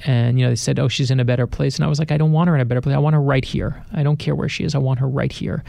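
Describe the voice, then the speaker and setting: A middle-aged best-selling author, a guest on a radio studio interview, tells personal anecdotes with animated flair and acts out the voices he quotes. His mid-range voice is gravelly and dark, delivered rapid-fire with fairly even intonation. There is no echo.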